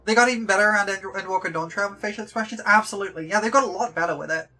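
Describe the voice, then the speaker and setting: A young woman chats her way through a game stream. Her voice is bright and clear, rambling along with plenty of fillers and playful repeated jokes. Faint game music plays underneath. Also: mid-range voice, racing. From Yorkshire, England. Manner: chatty and rambling, with lots of likes and ums. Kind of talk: casual livestream chat.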